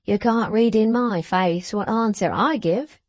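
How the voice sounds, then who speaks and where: A woman voicing a pompous, scheming older man who talks in florid, drawn-out, wheedling phrases. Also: medium pitch, dry recording, close to an everyday voice.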